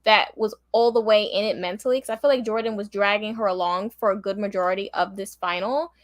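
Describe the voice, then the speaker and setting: A woman's voice: mid-range voice, fairly even intonation, brisk, no echo. A woman co-hosting a live review stream, giving frank, opinionated takes. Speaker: co-host of a reality show review.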